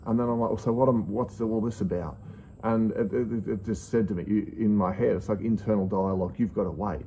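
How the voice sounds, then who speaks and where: A man tells a personal story casually, acting out his own thoughts in hushed asides. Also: fairly low pitch, fairly even intonation, a little fast, slight background noise, low-quality recording. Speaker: channel host.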